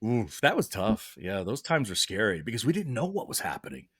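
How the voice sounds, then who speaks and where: A man spins backstage stories in a relaxed chat, playing out what others said and breaking into big laughs. His voice sits low but swoops all over the place. The sound is dry and close, with no room around it. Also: a little fast, breathy edge, dry recording. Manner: animated storyteller, acts out quotes with a big laugh. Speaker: actor guest recounting set stories. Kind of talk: casual chat.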